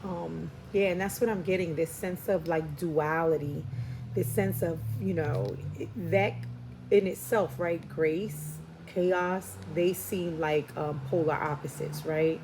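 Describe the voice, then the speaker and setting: A woman's voice: on the low side, fairly even intonation, slow, background noise. Musing woman reading tarot cards. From Puerto Rican, from New York and Philadelphia area. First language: Spanish heritage speaker. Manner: musing, thinking aloud with many fillers and "right?". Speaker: tarot reader. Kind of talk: casual spiritual card reading.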